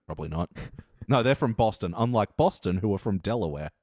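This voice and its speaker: A man's voice: on the low side, lively intonation, a little fast, darkish tone, dry recording, clean studio sound. A man hosting a podcast, chatting casually with playful, crude jokes. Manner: jokey, playfully crude banter. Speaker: podcast host. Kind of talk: casual comedic chat.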